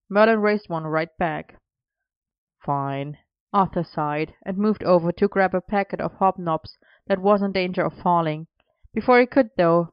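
A woman narrating a story aloud in a steady, even reading voice. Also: fairly low pitch, no room sound, dull audio.

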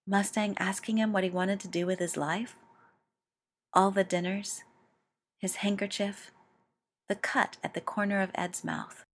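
A woman narrates a story aloud in a mid-pitched voice. She reads slowly and with feeling, leaning into the dramatic lines. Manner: slow and expressive. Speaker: reader.

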